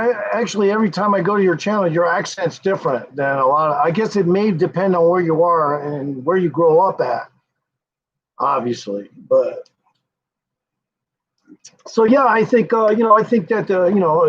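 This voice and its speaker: This American streamer has a fairly high, somewhat bright voice and keeps a moderate pace, with slight background noise under the dull lo-fi audio. He hosts casually, rambling, swearing and chuckling frequently as he speaks to viewers.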